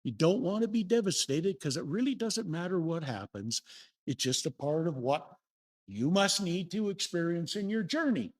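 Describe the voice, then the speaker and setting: An older man preaches to his congregation in a relaxed, folksy way, telling stories from his own life. His voice sits a little high and swings widely up and down as he asks the room questions. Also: moderate pace. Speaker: minister. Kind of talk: sermon. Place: church sanctuary.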